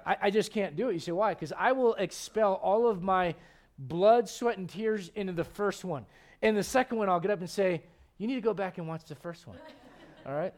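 This Sunday sermon comes from a pastor in his thirties whose voice is noticeably high. He speaks in an animated, conversational way and often starts his sentences over.

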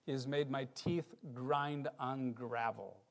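A man preaching a sermon, reading scripture aloud and swinging between loud emphasis and quiet, low passages. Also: steady tone, takes it slowly, gravelly. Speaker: pastor.

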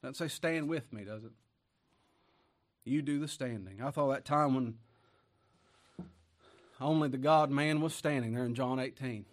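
A man preaching a sermon, folksy and emphatic, rising to loud declamation when he reads scripture. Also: mid-range voice, measured pace, long pauses.

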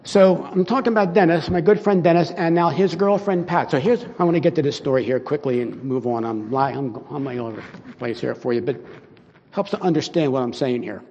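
Older guy preaching, kinda high voice, chatty and rambly, long echo in a big hall. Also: brisk, a little mellow. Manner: conversational, rambling with restarts and asides. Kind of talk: sermon with personal story. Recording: dull sound with long hall reverb.

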